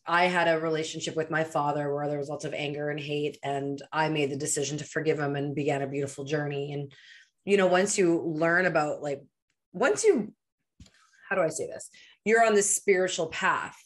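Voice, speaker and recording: Low-voiced woman podcast host. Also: fairly even intonation, normal speed. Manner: warm affirming reactions, reflective. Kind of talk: casual interview talk.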